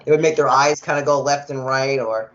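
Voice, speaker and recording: A man hosting a podcast, chatting in a relaxed, agreeable way with lots of yeahs. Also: medium pitch, brisk. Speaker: podcast host. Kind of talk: casual chat. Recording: dull lo-fi audio.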